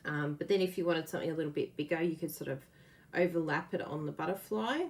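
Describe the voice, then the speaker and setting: A woman hosting a casual card-making demo, chatty and quick to laugh as she works. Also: deep voice. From Australia. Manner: chatty, laughs often, explains while working. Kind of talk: casual live craft demo.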